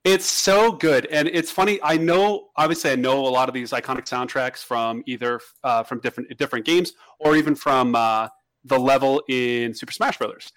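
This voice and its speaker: A man's voice: medium pitch, moderate pace, fairly bright tone. A man co-hosting a casual podcast, talking at length in a rambling way with many restarts. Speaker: podcast co-host. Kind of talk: casual chat.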